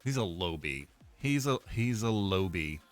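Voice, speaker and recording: A man's voice: deep voice, animated, unhurried, faint music behind. A young man streaming live, chatting casually and rambling, repeating himself with fillers and laughs.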